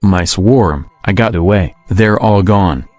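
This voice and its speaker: A man's voice: low-pitched, slow pace, a little mellow, dry recording. A man voicing a cheerful, curious young female bee in a storybook reading.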